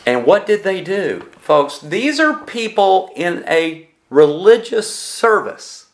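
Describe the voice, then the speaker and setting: Slow, deliberate male preacher. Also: sits high, sing-song. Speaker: pastor. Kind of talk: sermon.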